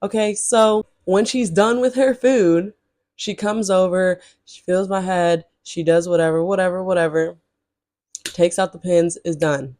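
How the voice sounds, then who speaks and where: A woman vlogger telling a story straight to her viewers, chatty and blunt, swearing freely and jumping into high exasperated outbursts. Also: fairly even intonation, a little slow, darkish tone, no room sound, clean studio sound. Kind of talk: casual storytelling to camera.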